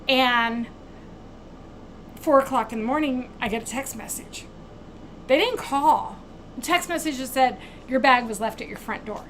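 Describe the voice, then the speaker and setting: Woman vlogger chatting at home, high bright voice, bit of room noise behind. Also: measured pace, pauses often, poor audio. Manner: animated retelling, acts out quoted exchanges. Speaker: craft channel host. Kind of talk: casual storytelling vlog.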